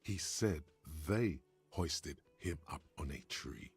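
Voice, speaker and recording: A deep, omniscient game narrator reads in slow, deliberate tones. His voice sits extremely low with a heavy gravelly rasp, and faint music plays underneath. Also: heavily acted. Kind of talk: scripted narration.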